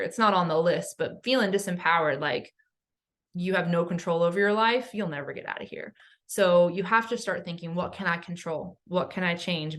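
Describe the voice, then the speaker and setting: A woman's voice: lowish voice, fairly bright tone. A woman coach giving an educational talk, earnest, explaining step by step with questions and lists. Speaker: somatic coach.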